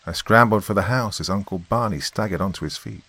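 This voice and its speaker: A man's voice: on the low side, fairly quick, fairly bright tone, husky, no room sound. A man narrating a first-person horror story with a tense, dramatic reading.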